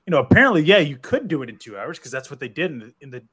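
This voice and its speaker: A man in his thirties on a podcast panel, talking excitedly in casual chat and saying "dude" and "like" a lot. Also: fairly high pitch, rapid-fire, a crowd in the background.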